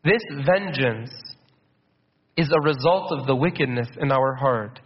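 A man giving a conversational sermon, slowing down to stress quotations and slipping in Arabic words. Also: medium pitch, animated. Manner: conversational preaching, slows for quotes, mixes in Arabic words. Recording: dull muffled sound.

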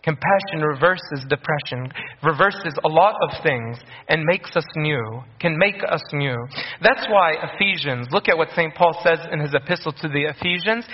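Male preacher, higher-pitched, earnest, repeats lines for emphasis; muffled lo-fi audio. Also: unhurried. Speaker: priest. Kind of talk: sermon. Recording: dull lo-fi recording.

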